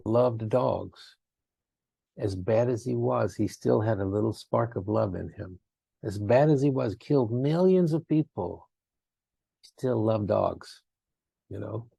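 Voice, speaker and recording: A man with a gravelly, husky voice speaks in an earnest, rambling way during a spiritual talk. He jumps into raised voices when quoting people. The sound is dry and close. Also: lowish voice, warm tone, dry recording.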